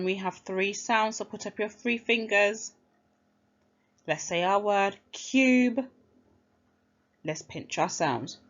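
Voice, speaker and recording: A woman teacher giving a phonics lesson to young children, speaking clearly and encouragingly and sounding out each word. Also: mid-range voice, fairly bright tone, dull audio.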